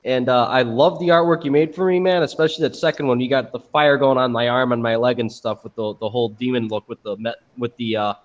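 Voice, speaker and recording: A man's voice: medium pitch, fairly even intonation, fast talker, few pauses, muffled recording. A man in casual chat giving hearty thanks to a viewer.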